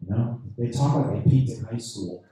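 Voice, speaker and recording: A man doing a stand-up comedy set at an open mic night, talking in a halting, deadpan way full of fillers. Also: mid-range voice. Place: lounge comedy night, indoors. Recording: very echoey room from far off.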